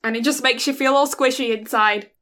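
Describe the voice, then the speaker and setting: Woman gushing through a film recap, bright and a bit high, podcast chat. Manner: animated storyteller, quick quoted voices. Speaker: podcast co-host.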